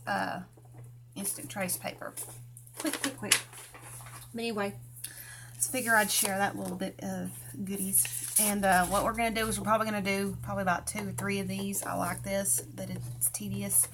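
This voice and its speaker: Against background noise, a medium-pitched woman hosts a live craft tutorial. Her Southern country accent marks her as from Tennessee, and she keeps things folksy and chatty while greeting viewers by name.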